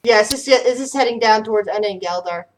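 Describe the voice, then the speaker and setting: A woman's voice: mid-range voice, fast talker, low-quality recording. A woman running a tabletop game as game master, describing scenes with many fillers and restarts.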